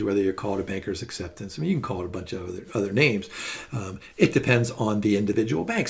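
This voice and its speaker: A middle-aged man lecturing on finance in a relaxed, conversational way. He leans on stories and rhetorical questions to carry his points. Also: medium pitch. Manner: chatty, anecdotal, rhetorical questions. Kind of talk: recorded lecture.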